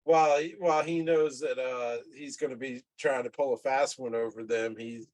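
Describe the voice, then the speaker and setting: A man playing a tabletop game who explains his character's plans in an earnest, matter-of-fact way. His voice is mid-pitched and steady. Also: moderate pace, rough recording. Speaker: player.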